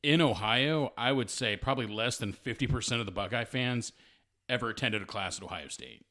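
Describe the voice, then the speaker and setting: A man's voice: medium pitch, fairly quick, pushed and bright. A man hosting a casual podcast, joking, swearing and laughing as he leads the talk. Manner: joking, profane, laughs often. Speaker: podcast host. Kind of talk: casual chat.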